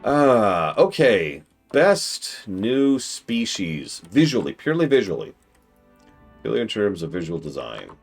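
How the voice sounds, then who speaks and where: A man's voice: lowish voice, very animated, unhurried, vocal fry, faint music behind. A young man hosting a casual game commentary stream, enthusiastic and opinionated, with rambling asides. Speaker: streamer host.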